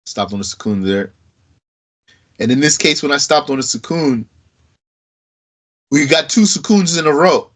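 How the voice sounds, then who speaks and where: A man teaching an Arabic grammar lesson in a casual way, slowly repeating verb forms aloud with fillers like "you know". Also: a little high, lively intonation, low-quality recording. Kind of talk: recorded lesson.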